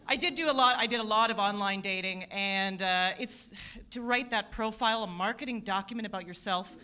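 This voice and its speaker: A woman in her thirties doing a stand-up set in a theatre, self-deprecating with deadpan punchlines. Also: mid-range voice, fairly quick, slight background noise. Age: 30s. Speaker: stand-up comedian. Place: theatre stage at a comedy festival.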